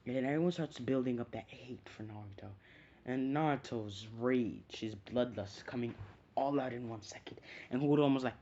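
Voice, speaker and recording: A man's voice: mid-range voice, moderate pace, warm tone. A man casually retelling a fan story, rambling and hesitant, often stopping to correct himself. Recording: dull lo-fi home recording.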